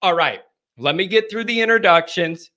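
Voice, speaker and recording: A man hosting a live call-in show, chatting casually in an energetic, rambling, joking way from a green-screen set. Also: high voice, moderate pace.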